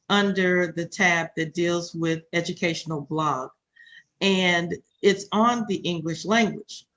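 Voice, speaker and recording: Measured podcast host steering talk. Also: medium pitch, a bit bright. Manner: measured, steers the conversation and points to written articles. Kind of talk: educational podcast discussion.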